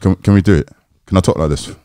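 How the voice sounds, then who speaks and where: A man's voice: sits low, fast talker, dark tone, no room sound, clean studio sound, close to an everyday voice. A man putting on a formal, melodic African accent, rolling his words and hamming it up. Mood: playful.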